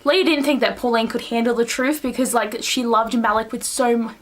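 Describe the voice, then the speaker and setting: A woman's voice: a little high, steady tone, brisk. A young woman reviewing a book in a casual vlog, gushing and rambling, with a lot of "like" and acted-out quotes. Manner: gushing, rambling, heavy use of "like", acts out quotes.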